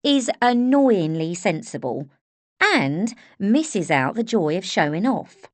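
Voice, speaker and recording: Brassy, teasing woman nurse with an Estuary accent, read by a woman narrator; loud and sassy in a storybook. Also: mid-range voice, very animated, slow, dry recording. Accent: Estuary English.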